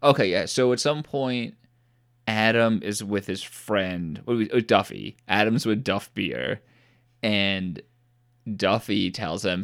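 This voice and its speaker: A man co-hosting a casual podcast chat, recapping a movie with teasing jokes and deadpan asides. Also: on the low side, takes it slowly. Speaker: podcast co-host.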